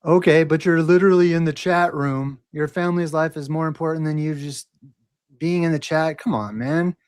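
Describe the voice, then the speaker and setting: A man's voice: on the high side, moderate pace, a little mellow, clean tone. A man hosting a livestream, talking casually and mockingly challenging a troll in the chat. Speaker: livestream host.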